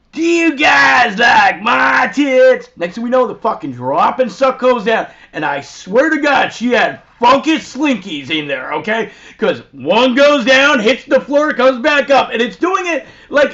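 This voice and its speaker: A man hosting and telling a rambling, profane, animated anecdote in a crude comic style. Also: extremely high pitch. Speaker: host. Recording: dull lo-fi recording.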